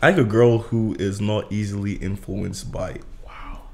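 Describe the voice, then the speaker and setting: A young man with a fairly low voice chats as a guest on a podcast. He thinks out loud, laughs easily and often trails off before finishing a sentence. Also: steady tone, normal speed, vocal fry, a loud crowd. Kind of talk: casual chat.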